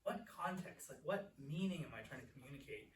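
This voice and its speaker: A young man teaching a Greek class in a church classroom, explaining patiently and repeating words slowly. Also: medium pitch, expressive. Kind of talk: classroom lecture. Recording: echoey room, distant mic, faint hiss.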